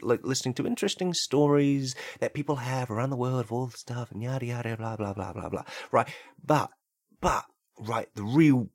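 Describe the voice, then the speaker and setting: A man hosting a comedy podcast, rambling through an absurd deadpan monologue full of fillers and tag questions. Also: mid-range voice, no echo, clean studio sound. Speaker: podcast host.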